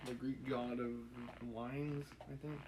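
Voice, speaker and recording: Man, mid-pitched voice, reading aloud on stream, casual musing commentary, faint background noise. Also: flat delivery, slow pace. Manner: thinks aloud, musing and self-correcting. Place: home setup, live stream.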